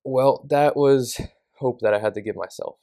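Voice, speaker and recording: A man's voice: medium pitch, moderate pace, mellow, no room sound. A young man guesting on a podcast, answering earnestly and casually with many fillers. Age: young adult.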